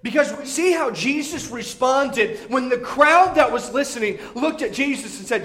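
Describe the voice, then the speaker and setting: A man's voice: very high-pitched, lively intonation, normal speed, few pauses, fairly bright tone. A man preaching a sermon, emphatic, often repeating words and acting out voices from the crowd.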